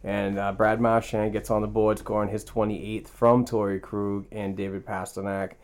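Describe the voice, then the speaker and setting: A man's voice: fairly low pitch, level tone, moderate pace. A man with a New England accent hosting a casual sports podcast from a home studio, chatty and prone to restarts. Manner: loose and chatty, with repeated restarts. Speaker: podcast host.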